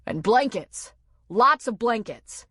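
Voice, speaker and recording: A man's voice: high-pitched, expressive, slow, a bit bright, no room sound, clean studio sound, full character voice. Fields: Figure: a woman doing an urgent man giving first aid. Tone: commanding.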